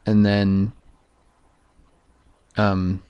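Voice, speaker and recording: A man talking in a loose, profane, halting monologue full of fillers, vlogging to camera. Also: lowish voice, completely flat delivery, smooth, dull audio. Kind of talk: casual rambling monologue.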